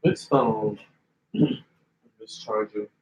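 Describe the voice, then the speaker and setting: A man's voice: lowish voice, steady tone, very slow, darkish tone, slightly rough. A young man hosting a casual phone livestream, chatting with viewers and reading their comments aloud. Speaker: livestream host.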